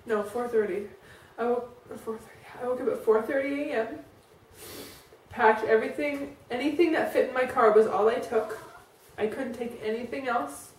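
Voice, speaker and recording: A woman's voice: fairly high pitch, normal speed, slight background noise. A woman in her thirties telling a personal story to camera in a rambling way, full of "like" and restarts. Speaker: vlogger. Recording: roomy, distant from the mic.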